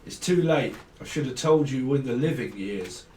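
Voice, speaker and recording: A man's voice: mid-range voice, lively intonation, moderate pace, dark tone, slight background noise. A man doing a casual tarot reading, rambling and free-associating names and laughing often. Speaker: tarot reader. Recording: echoey room, mic at a distance.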